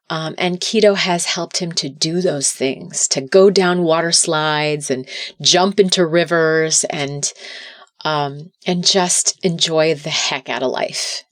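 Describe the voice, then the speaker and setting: Earnest middle-aged woman, low voice. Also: measured pace, dry recording, studio quality. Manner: earnest, emotional, with restarts. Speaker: podcast guest. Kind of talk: casual interview talk.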